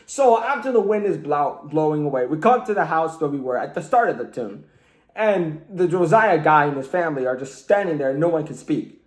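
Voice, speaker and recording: A man's voice: high-pitched, reverberant. A man recapping a cartoon casually, rambling and joking with lots of fillers. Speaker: cartoon reviewer.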